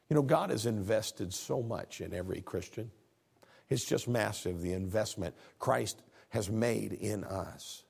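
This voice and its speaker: A man's voice: fairly low pitch, gravelly, darkish tone, slightly rough. A man preaching a sermon as pastor, earnest, reading scripture aloud and often repeating words.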